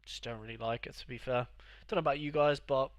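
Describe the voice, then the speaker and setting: A man's voice: medium pitch, fairly even intonation, quick pace, no echo, clean studio sound. A young man streaming live, rambling and sarcastically mocking himself as he chats. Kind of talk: live gaming stream chat.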